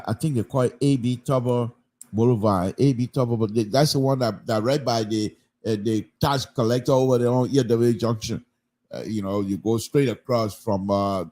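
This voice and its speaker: Male radio commentator, mellow mid-pitched voice, animated storyteller who repeats phrases for emphasis. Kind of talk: call-in style public affairs talk.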